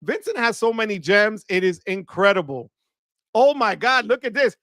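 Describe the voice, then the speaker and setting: A man hosts a live stream and thanks viewers with loud bursts of excitement. His voice sits high and sounds bright. The recording is dry and close, with no room sound. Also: normal speed, no echo. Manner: enthusiastic, shouts "wepa" often. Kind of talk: live stream super chat shout-outs.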